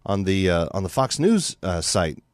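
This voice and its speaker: Through a studio-quality mic with no room sound, an American radio host speaks at normal speed in a low-sitting voice. He rolls through an animated monologue, mocking at times and performing other people's voices.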